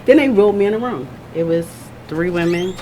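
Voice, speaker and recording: A woman co-hosting a radio talk show, telling a story with bold, animated energy. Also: lowish voice, a little fast, crowd noise. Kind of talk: casual chat. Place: radio studio.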